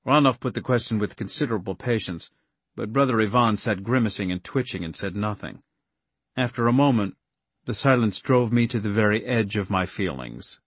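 A man narrating a story in the first person with an earnest, steady storytelling manner. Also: lowish voice, moderate pace, no echo. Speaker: audiobook narrator.

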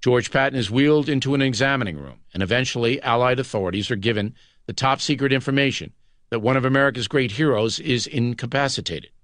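Man, audiobook narrator, scripted narration, measured, dramatic, mid pitch, dry close recording. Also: fairly bright tone, dry recording.

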